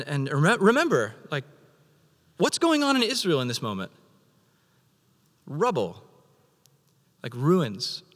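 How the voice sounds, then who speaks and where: Animated preacher in a reverberant hall. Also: male voice, medium pitch. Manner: animated, acts out God's voice in quotes. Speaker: pastor. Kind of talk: sermon.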